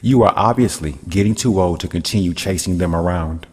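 Kindly lioness mother, read by a man, soft and indulgent, low husky tone. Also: a little fast, big-room sound. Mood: gentle.

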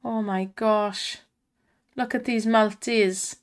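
An excitable woman commenting on slot spins and cheering the reels on, her voice strained from shouting. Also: a little high, a little slow. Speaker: slot streamer.

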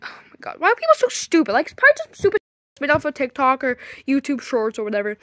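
A man's voice: very high-pitched, wildly swooping pitch, fast talker, a bit bright, no room sound, studio quality, exaggerated voice. A man voicing Mario as a bossy, short-tempered dad in a puppet fan video, scolding and dismissive.

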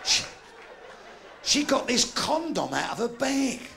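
An older man with a Cockney accent telling bawdy jokes on stage, spinning animated yarns with shouted sound effects. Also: extremely high pitch, takes it slowly, creaky, a faint crowd, a little hiss or hum. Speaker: stand-up comedian. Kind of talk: live stand-up storytelling. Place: live comedy venue.

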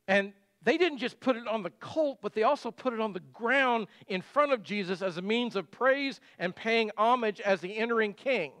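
A man's voice: high-pitched, normal speed, few pauses, fairly bright tone, no echo. A middle-aged male pastor giving a conversational sermon full of rhetorical questions.

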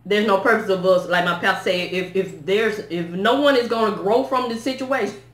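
A woman's voice: medium pitch, a little fast. A woman vlogging a blunt, exasperated rant to her viewers, putting questions to them. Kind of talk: casual direct-to-camera rant. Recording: echoey room.

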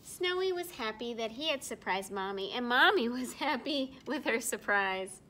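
A woman reading a picture book aloud to young children, animated and drawn-out, asking her listeners questions. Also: a little high. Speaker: storyteller for children.

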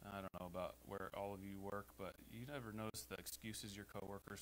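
A man with an American accent preaching a sermon as pastor in a church, emphatic and rising to loud exhortations. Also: lowish voice, fairly even intonation, fairly quick, low-quality recording. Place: church sanctuary. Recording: faint hum behind the voice.

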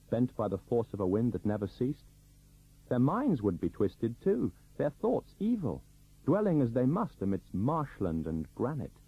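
Husky man narrating an old novel. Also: on the low side. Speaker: audiobook narrator. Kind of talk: scripted narration. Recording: dull lo-fi recording.

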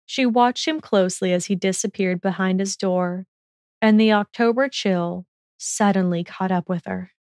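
A woman narrating a fan fiction audiobook in steady, measured storytelling. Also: mid-range voice, dry recording, studio quality.

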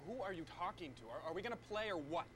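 A man's voice: sits high, animated, racing, fairly bright tone. An actor playing a brash, impatient young male gamer in a video game cutscene, pushy and taunting.

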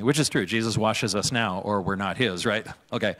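Low-voiced guy preaching in church, super casual, keeps saying right? and laughing. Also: moderate pace, hardly any pauses, fairly bright tone. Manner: casual and chatty, often asks "right?" and laughs. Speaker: pastor. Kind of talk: conversational sermon.

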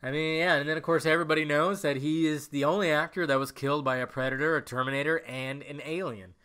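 Bright-voiced young man rambling emotionally. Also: fairly high pitch, fairly even intonation, quick pace, clean tone. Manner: rambling, emotional, swears often. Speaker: podcast host. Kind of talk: casual solo podcast talk.

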